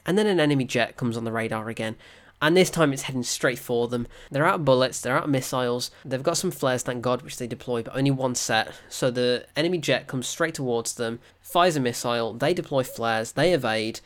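A reviewer, recapping a film in an excited, animated way, laughing and swearing often. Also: medium pitch, fairly quick.

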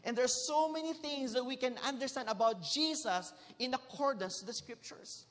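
Man, Filipino accent, preacher, sermon, high voice, emphatic and joking, long hall echo. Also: moderate pace, fairly bright tone. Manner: emphatic, switches between English and Tagalog, jokes with the congregation.

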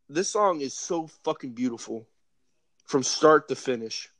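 A man's voice: medium pitch, lively intonation, slow, a bit bright, no echo. A man co-hosting a podcast in casual chat, rambling and swearing freely as he gets emotional. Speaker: podcast co-host.

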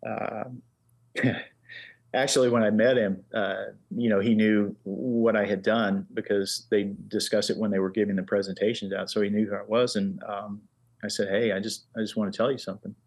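Casting: middle-aged man, husky lowish voice, rambling anecdotal guest. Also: normal speed. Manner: relaxed anecdotes with many fillers. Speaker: guest, engraver. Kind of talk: casual chat, storytelling.

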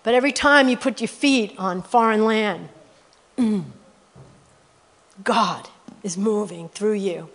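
A middle-aged woman guest preacher telling testimony stories in a sermon, animated and rising to loud exclamations. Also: medium pitch, slow pace, vocal fry, pauses often.

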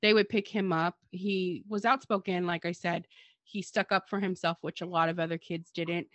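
A woman's voice: fairly low pitch, fairly even intonation, normal speed, fairly bright tone, no echo. A woman co-hosting a casual history discussion, with dry, sarcastic asides. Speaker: podcast co-host.

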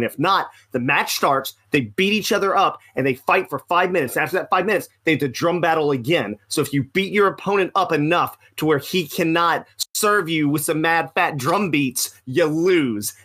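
A man co-hosting a casual wrestling podcast, animated and jokey, who slips into silly voices. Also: fairly high pitch. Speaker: podcast co-host.

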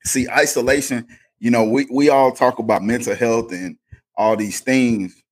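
A man's voice: medium pitch, fairly even intonation, moderate pace, breathy edge. A man co-hosting a faith podcast, talking in an emphatic, preachy storytelling way. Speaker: podcast co-host. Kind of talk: casual faith podcast chat.

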